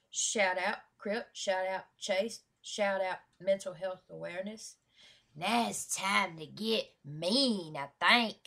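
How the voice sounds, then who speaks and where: A woman hosting a reaction video, talking at an unhurried, drawn-out pace in mid-range pitch. She chats in loose slang, swears freely and fires off shout-outs with hype. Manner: slangy, hyped, profane, lots of shout-outs. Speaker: YouTube reaction host. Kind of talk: casual reaction vlog chat.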